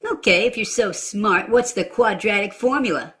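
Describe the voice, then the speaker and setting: A woman's voice: medium pitch, moderate pace, fairly bright tone, natural voice. A woman voicing a boastful young boy who teases a girl. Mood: teasing.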